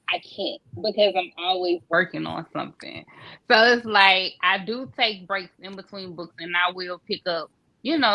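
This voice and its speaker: A woman in her thirties from Louisiana, with a Louisiana accent, chats as a guest author in a podcast interview and laughs easily. Her voice is medium in pitch, and the recording has its highs cut off.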